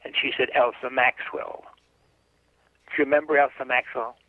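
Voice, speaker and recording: A man's voice: mid-range voice, level tone, normal speed, no room sound. An older man tells a rambling story on a radio show and slips into the voices of the people in it. His voice comes through a narrow, phone-like line with a dry sound. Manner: chatty anecdotal storyteller, acts out dialogue. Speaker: guest psychic.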